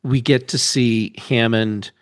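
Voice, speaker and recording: A man's voice: mid-range voice, fairly even intonation, slow pace. A man co-hosting a casual chat, adding short, dry comments and asides. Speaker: podcast co-host.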